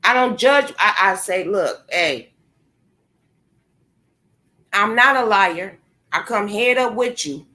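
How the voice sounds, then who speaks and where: Fairly high and sharp-toned, a woman's voice fires off a heated, profane rant directly to camera. The vlogger is indoors at her computer, angry and confrontational as she speaks into the microphone.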